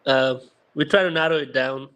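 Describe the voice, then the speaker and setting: A man's voice: mid-range voice, fairly even intonation, moderate pace, a bit bright, clean tone, dull audio. A man calling in to a casual chat, speaking earnestly and repeating himself.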